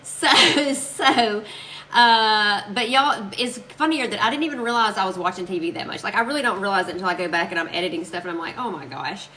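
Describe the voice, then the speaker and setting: A woman's voice: mid-range voice, fairly quick, pushed and bright, slight background noise. A woman from Alabama with a Southern accent, chatting casually with viewers while she crafts on a live stream, laughing often and reading out their comments. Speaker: crafting livestream host.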